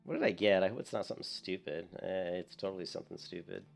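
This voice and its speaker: A man's voice: deep voice, quick pace, vocal fry, soft background music. A man streaming a video game, chatting casually to his viewers in a rambling, self-mocking way with frequent chuckles. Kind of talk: casual gameplay commentary.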